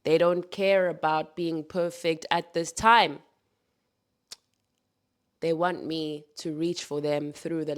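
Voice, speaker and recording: A woman's voice: low-pitched, darkish tone. A woman hosting a reflective spoken monologue, earnest and heartfelt, calling her listeners darlings and loves. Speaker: podcast host.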